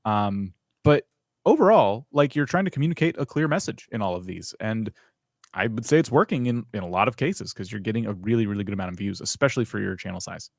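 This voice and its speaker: A man co-hosting a live stream, giving relaxed, casual advice full of filler words. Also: on the low side, fast talker, gravelly, dry recording, studio quality. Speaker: co-host giving channel feedback.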